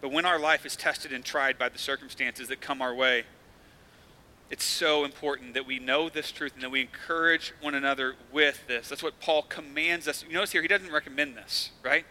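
A man's voice: mid-range voice, fairly even intonation, moderate pace, bright, forceful tone. A male pastor giving a sermon in a church, speaking earnestly and conversationally, with rising emphasis.

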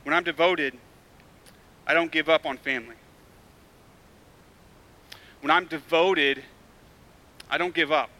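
A man's voice: a little high, steady tone, takes it slowly, pauses often, sharp tone. A male pastor preaching a sermon in a casual, conversational way, with emphatic, repetitive build-ups and frequent tag questions. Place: church.

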